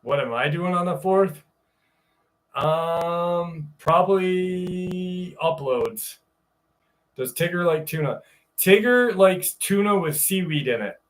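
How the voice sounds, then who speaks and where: High-voiced and animated yet slow, this upstate New York man runs a live stream where he jokes around with viewers, swearing heavily, before reading a story out loud. His voice comes across somewhat far from the microphone.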